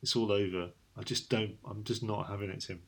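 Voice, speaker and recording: A middle-aged man with a husky, slightly low voice chats loosely as a podcast co-host. He laughs often and lets his sentences drop into quiet asides. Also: fairly even intonation, fairly quick. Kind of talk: casual chat.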